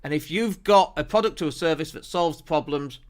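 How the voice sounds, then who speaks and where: An energetic man hosting a marketing show, speaking emphatically to a camera on his desk. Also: on the high side, fairly quick. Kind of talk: to-camera business talk.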